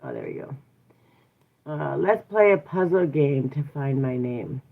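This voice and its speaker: Low-voiced woman on a tinny line. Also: expressive, unhurried, gravelly. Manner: playful, laughs often, breaks off to correct her child. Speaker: channel host and mother. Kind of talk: casual live chat. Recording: tinny phone-like sound.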